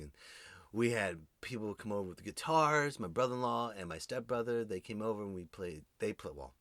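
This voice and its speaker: Male podcast host, lowish voice, forceful and ranty, talks straight to his listeners, swears freely, dry close sound. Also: no room sound. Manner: animated, ranting, swears freely; addresses listeners directly. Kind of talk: comedic solo monologue.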